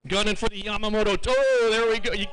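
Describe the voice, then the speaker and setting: A man's voice: high voice, fairly even intonation, fast, a bit bright, clear, resonant tone, rough recording. A man emceeing a live fishing tournament weigh-in outdoors, upbeat and chatty, reading out each weight twice. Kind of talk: live event announcing.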